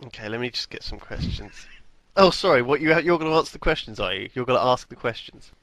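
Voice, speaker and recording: A man co-hosting a podcast in casual comedic banter, easygoing and rambling, quick to laugh. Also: mid-range voice, lively intonation, a bit bright, no room sound. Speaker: podcast co-host.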